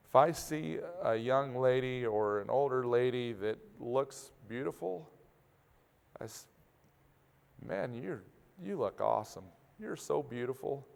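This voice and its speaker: A man, an agricultural producer, speaking openly and plainly to an audience, pausing and restarting as he goes. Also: medium pitch, vocal fry, clear, resonant tone. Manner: open, plainspoken, halting with restarts. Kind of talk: candid personal talk. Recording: long hall reverb.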